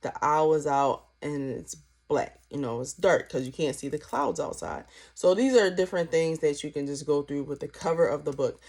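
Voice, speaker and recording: A woman's voice: sits low, normal speed. A young woman teaching a parenting class in a casual, chatty way, full of "like" and playfully acted-out questions. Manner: chatty, peppered with "like", acts out questions with lively inflection. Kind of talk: casual instructional talk.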